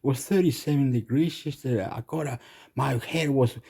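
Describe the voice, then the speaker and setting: A man's voice: mid-range voice, normal speed, creaky, dark tone, husky. A man telling crude, rambling comic stories as a vlogger. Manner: rambling, crude, many fillers and restarts.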